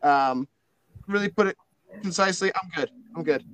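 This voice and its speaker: A man doing a meek, halting young guy. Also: on the high side, a bit bright, slight background noise, voice pushed up, lightly acted. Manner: halting, filler-heavy.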